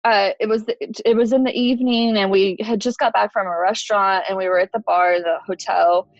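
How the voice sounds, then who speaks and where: A woman's voice: medium pitch, fairly even intonation, fairly quick, dry recording. Woman telling a personal story, dull audio. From Texas. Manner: conversational, many "like" fillers. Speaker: podcast guest.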